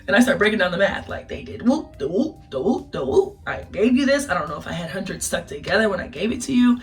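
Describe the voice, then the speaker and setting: A woman's voice: mid-range voice, normal speed. Emotional young woman telling a story. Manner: animated, emotional, laughing through tears. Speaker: vlogger. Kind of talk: casual storytime. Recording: distant mic with music behind.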